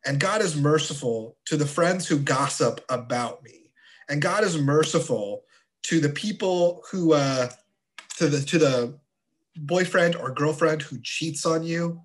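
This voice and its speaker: Chatty male confirmation teacher. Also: fairly high pitch. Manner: relaxed, chatty, playful asides. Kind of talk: casual teaching to teenagers. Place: church.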